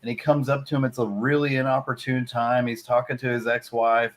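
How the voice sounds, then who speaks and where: A man's voice: medium pitch, little pitch movement, brisk. A man co-hosting a casual film podcast, thinking aloud with lots of "like". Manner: musing, thinks aloud with many "like"s. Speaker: podcast co-host. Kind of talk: casual chat about a film.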